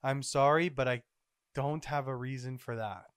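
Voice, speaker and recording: A man voicing an apologetic male genius scientist who speaks in a measured, formal way. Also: medium pitch, steady tone, clear, resonant tone, no echo, clean studio sound, close to an everyday voice. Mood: regretful.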